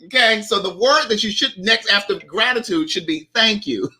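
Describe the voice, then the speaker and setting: A man's voice: high-pitched, expressive, normal speed, pushed and bright, a little hiss or hum. A young man hosting a casual live chat, telling a story and acting out the lines people said. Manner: chatty storyteller, acts out quoted lines. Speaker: host.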